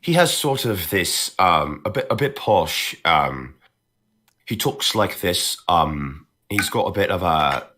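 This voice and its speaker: Voice actor man, deep voice, slow casual chatter full of fillers. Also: animated, pushed and bright. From northern United States. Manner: laughs often, many fillers and restarts. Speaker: voice actor guest. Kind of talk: casual podcast chat.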